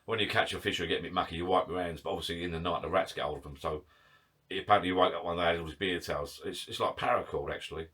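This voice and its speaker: A man's voice: sits low, very fast, bright, forceful tone. A man chatting casually to camera in his garden shed bar, rambling, self-mocking and a little out of breath. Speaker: vlogger.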